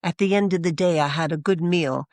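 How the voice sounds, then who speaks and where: Woman, religious sister, conversational storytelling, earnest, lively, dry recording. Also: on the low side, a little fast, no echo. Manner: lively, acts out remembered dialogue; earnest, heartfelt. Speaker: religious sister sharing her story as a guest.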